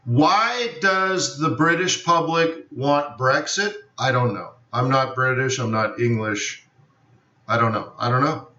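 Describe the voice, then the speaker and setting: A man's voice: mid-range voice, takes it slowly, sharp tone. A man hosting a live forex trading stream, chatting loosely and often saying he doesn't know. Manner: rambling, repeats "I don't know". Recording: roomy, distant, dull lo-fi sound.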